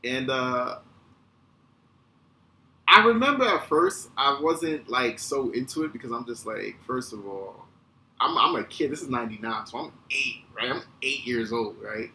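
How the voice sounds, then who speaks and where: A man in his thirties hosting a podcast, telling a casual, animated, profane story. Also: mid-range voice, a little slow. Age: 30s. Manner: animated, profane, acts out quotes. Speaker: podcast host. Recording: echoey room with faint ambient noise.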